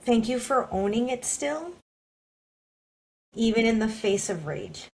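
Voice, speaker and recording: A woman's voice: fairly high pitch, expressive, slow pace. Impassioned woman podcast co-host. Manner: earnest and impassioned. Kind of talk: podcast discussion.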